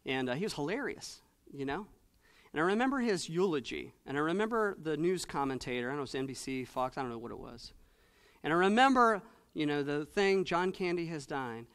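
A male pastor preaching a sermon in church, moving between soft, low asides and loud, rising exhortation with repeated emphatic phrases. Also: big pitch swings, a little fast. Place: church sanctuary.

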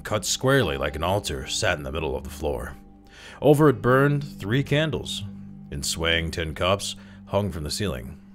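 A man narrating a classic short story aloud in an expressive reading, with occasional restarts. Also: deep voice.

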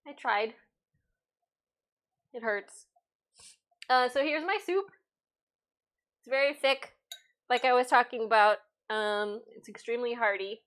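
A chatty woman talks her way through a cooking livestream, voice sitting a little on the high side. She reads viewer comments aloud between steps, close on a lavalier mic in her home kitchen. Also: unhurried, long pauses, a bit bright. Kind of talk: casual livestream cooking chat.

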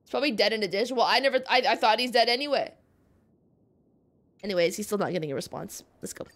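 A woman's voice: mid-range voice, fast talker, fairly bright tone. A young woman streaming a game and chatting casually, rambling with lots of fillers and restarts.

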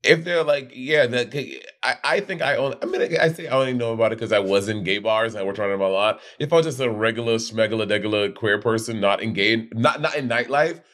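A man co-hosting a casual podcast chat, playful and profane, quick to laugh. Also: medium pitch, fairly bright tone. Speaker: co-host.

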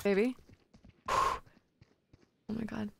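A woman's voice: mid-range voice, fairly even intonation, slow, creaky, very noisy. Giggly, cursing young woman streamer.

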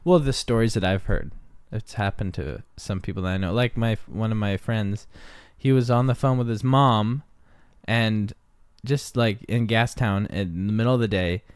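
Low-voiced man rambling through stories. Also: clear, resonant tone, no room sound, studio quality. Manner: rambling storyteller, halting restarts, acts out quotes. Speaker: podcast co-host. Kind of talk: casual chat.

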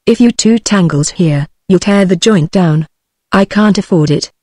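A text-to-speech British-accented woman voicing a frantic male bar owner in a story, in flat synthetic tones. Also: on the low side, measured pace, no echo, studio quality. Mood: pleading. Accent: British English.

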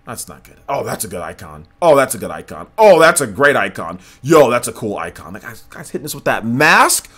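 A man streaming gameplay live, talking to his chat in an animated, repetitive way. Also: mid-range voice, brisk, hardly any pauses, breathy edge. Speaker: gaming livestreamer.

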